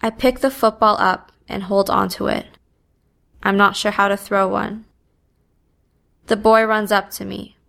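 A woman reading a first-person story aloud in a subdued, even manner. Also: mid-range voice, vocal fry. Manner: slow, even, subdued delivery. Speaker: narrator.

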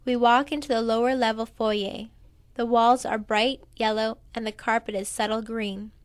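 A woman reading a first-person memoir aloud in a plain, quiet storytelling manner. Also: fairly high pitch, little pitch movement, moderate pace, no room sound. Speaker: narrator.

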